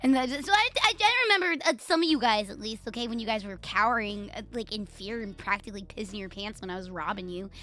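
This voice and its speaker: A woman's voice: medium pitch, expressive, quick pace, hardly any pauses, sharp tone. A woman with a Puerto Rican accent chatting casually on a live stream, playful, profane and teasing herself and her viewers.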